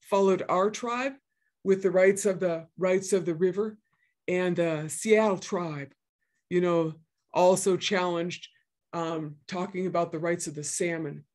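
A woman's voice: on the low side, measured pace, darkish tone. Emphatic woman, sixties, speaking at a public session; earnest, restates her main points, many fillers. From northern Minnesota. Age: 60s. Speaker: guest speaker.

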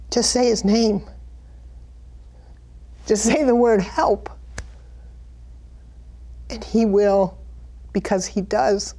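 A middle-aged woman giving an impassioned Christian testimony and prayer, fervent and pleading, her voice climbing high when she cries out. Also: steady tone, slow, pauses often, warm tone. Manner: fervent, pleading, rises high on cried-out lines. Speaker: Christian speaker sharing a vision.

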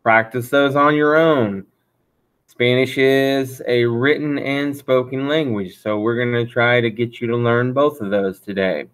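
A man teaching a beginner Spanish lesson, counting slowly and repeating phrases as he explains. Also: mid-range voice, fairly even intonation, a bit bright, smooth. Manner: slow, deliberate counting. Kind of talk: classroom lesson.

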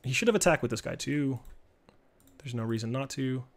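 Give me a joking, animated man commentating his card game on a live stream, with a lively up-and-down voice. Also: medium pitch, fairly quick. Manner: animated, joking, trash-talking.

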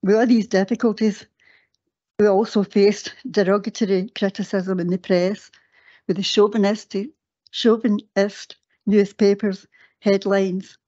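Older Scottish woman, chatty, mellow. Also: mid-range voice, measured pace. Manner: chatty and lively, laughing at her own stories, often correcting herself. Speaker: guest speaker at a council meeting. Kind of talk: personal reminiscence speech. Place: council chamber. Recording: dull lo-fi meeting recording.

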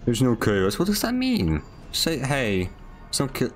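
A young man streams a multiplayer game, his pitch sitting in a plain middle range. He talks casually and teases with mock-dramatic cries of fear. Faint game music plays underneath. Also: wildly swooping pitch, normal speed. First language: Polish. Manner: playful, mock-dramatic teasing.

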